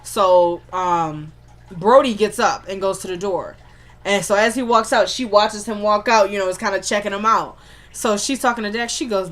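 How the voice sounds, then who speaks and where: A woman's voice: medium pitch, moderate pace, fairly bright tone. A woman casually recapping a TV episode in loose, slangy speech, trading characters' lines back and forth as she retells each scene.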